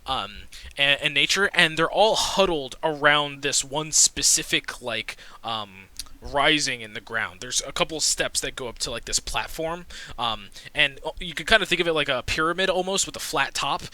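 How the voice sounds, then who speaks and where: A man's voice: a little high, normal speed, hardly any pauses, pushed and bright, rough recording. A man narrating scenes as a tabletop game master, describing them in a meandering way with many restarts.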